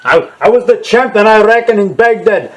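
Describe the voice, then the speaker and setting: A man putting on the voice of a boastful male dictator and ex-boxer, declaiming slowly and loudly in a pompous way. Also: sits high, lively intonation, pitched above the performer's own voice. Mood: boastful, threatening. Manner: slow, loud, pompous declaiming.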